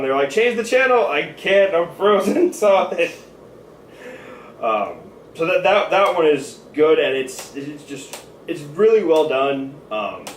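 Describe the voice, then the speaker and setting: A man chatting casually as a co-host, wandering through his thoughts with plenty of ums and restarts. His voice sits at an ordinary pitch. He sounds a little distant from the mic, in a roomy space with faint background noise. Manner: rambling, many fillers and restarts. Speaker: podcast co-host. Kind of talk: casual chat.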